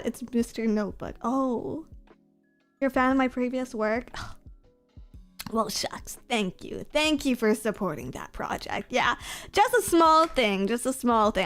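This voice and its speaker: A woman chats casually on her stream, teasing herself and giggling between lines. Her voice sits a little high and comes through smooth and clean. Quiet music plays underneath. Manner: playful, giggly and self-mocking. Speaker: VTuber streamer. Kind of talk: casual stream chat reading comments.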